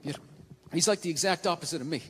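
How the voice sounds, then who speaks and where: A man's voice: on the high side, rapid-fire, a little hiss or hum. A middle-aged man doing a stand-up comedy set, ranting in an exasperated, swearing way on stage. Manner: loud, exasperated rants, swearing. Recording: live hall with long reverb. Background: audience laughter.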